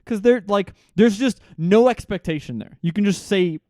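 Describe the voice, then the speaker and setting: A young man co-hosts a laid-back podcast, his voice pitched a little high and notably smooth. He tells stories with lots of energy and laughs often. The sound is dry and close to the mic. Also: moderate pace, dry recording. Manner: laughs often, animated storytelling. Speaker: podcast co-host. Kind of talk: casual chat.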